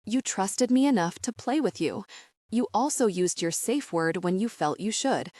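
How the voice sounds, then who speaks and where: A woman voicing a gentle but commanding male lover in a romance audiobook, low and soothing. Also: lively intonation, normal speed, no room sound, clean studio sound, close to an everyday voice. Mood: tender.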